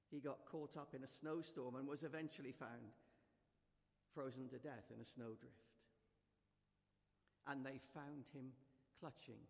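Gravelly-voiced man preaching in a church hall. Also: mid-range voice. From United Kingdom. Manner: gentle, conversational, leads the congregation. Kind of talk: sermon.

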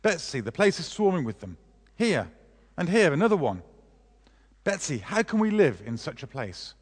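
A man reading aloud the lines of a young woman prisoner who exclaims in alarm and exasperation, with sharp rises in pitch, in a large echoing hall. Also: moderate pace, breathy edge. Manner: excited exclamations, rising pitch. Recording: long reverb of a large hall.

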